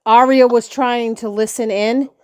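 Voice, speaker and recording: Woman with a high voice, questions things in short, probing lines. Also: steady tone, unhurried, crowd noise.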